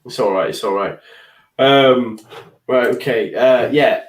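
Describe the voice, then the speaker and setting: A man's voice: medium pitch, measured pace, echoey room, recorded from a distance, rough recording. A tired man co-hosting a casual football chat, easygoing, agreeable and jokey. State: tired late at night. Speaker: fan channel co-host.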